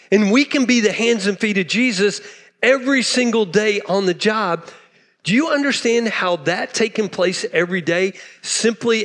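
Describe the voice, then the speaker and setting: Male pastor, sermon, fired up, drops to hushed asides; high-pitched, reverberant church hall. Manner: impassioned, swings from loud to hushed. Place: church sanctuary.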